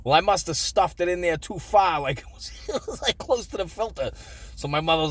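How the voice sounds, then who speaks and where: A man's voice: high-pitched, lively intonation, fairly quick, soft background music. Crude, chuckly man telling stories. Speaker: storyteller. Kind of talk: casual storytelling vlog.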